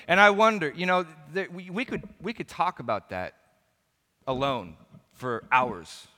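A man's voice: mid-range voice, bright, forceful tone, in a large hall. A pastor preaching a sermon, earnest and emphatic, often restarting his phrases.

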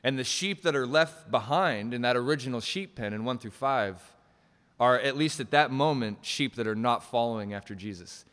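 A man's voice: medium pitch, normal speed, a bit bright, long reverb tail. A male pastor preaching a sermon, emphatic, pushing key phrases up and restarting mid-sentence.

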